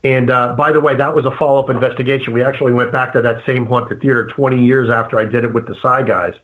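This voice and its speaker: A man's voice: mid-range voice, fairly even intonation. Man talking on a tinny phone-like line. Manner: halting, many fillers and restarts. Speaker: guest paranormal investigator. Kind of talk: casual interview talk. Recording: phone-like narrow sound.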